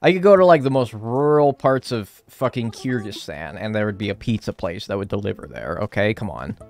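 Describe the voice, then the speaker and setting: Lively American guy streaming a game. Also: on the low side, a little fast. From United States. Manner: animated, swears casually, playful banter and mock arguing. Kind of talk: casual chat while gaming, answering chat.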